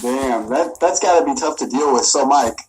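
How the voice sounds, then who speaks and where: A man's voice: mid-range voice, normal speed, low-quality recording. Casual man, faint background noise. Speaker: podcast co-host. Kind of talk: casual chat.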